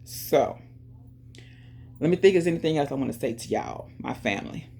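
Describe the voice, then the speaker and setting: A woman hosting her own channel, chatting casually and directly to viewers, giving shout-outs and talking about faith. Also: a bass voice, lively intonation, fairly quick, gravelly, slightly rough. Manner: chatty, talks straight to viewers with lots of "y'all". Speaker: YouTube channel host. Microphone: earphones in, music playing in her ear.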